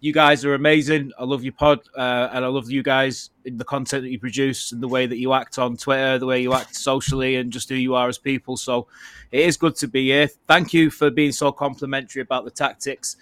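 Animated joking guest. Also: male voice, mid-range voice, fairly quick, smooth, dry recording. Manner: animated, jokey, puts on dramatic voices. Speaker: podcast guest. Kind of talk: casual banter.

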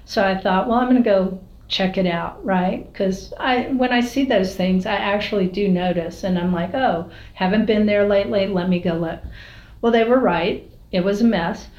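A mayor, a woman with an American accent, talks candidly in a casual interview in her city hall office, telling stories full of fillers and restarts. Her mid-range voice has a darkish tone and moves at normal speed, and the recording is roomy and slightly dull.

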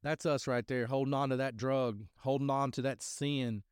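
A middle-aged man tells a story on his podcast in a loose, rambling way, circling back and restarting his sentences. His voice is smooth and clear, recorded close and dry. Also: mid-range voice, fairly even intonation, normal speed, no echo. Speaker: podcast host sharing testimony. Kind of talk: casual spoken testimony.

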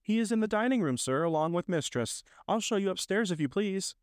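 A timid, polite young maid answering at a door in a storybook reading, voiced by a man. Her voice rides clearly higher than the reader's own, courteous and deferential. The recording is close and dry. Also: lively intonation, a little fast, no echo. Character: young housemaid, polite and shy.

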